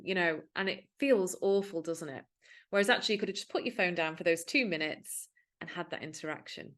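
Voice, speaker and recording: A woman's voice: on the low side, lively intonation, fairly quick. Earnest woman explaining to camera. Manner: earnest, conversational, acts out quoted speech. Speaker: digital wellbeing coach.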